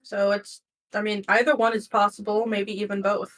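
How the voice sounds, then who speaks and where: A woman's voice: medium pitch, level tone, normal speed, poor audio. A woman playing a casual tabletop game, asking questions in an inquisitive way. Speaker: player.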